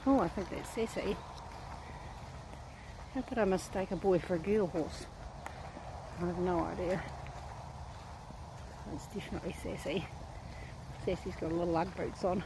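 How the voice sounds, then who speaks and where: A woman talks at an unhurried pace as she walks around a horse farm. She coos at the animals in affectionate baby talk, her voice sitting in a middle pitch. Faint outdoor noise runs under the recording. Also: mellow. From New Zealand. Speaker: vlogger. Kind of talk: casual vlog talking to horses.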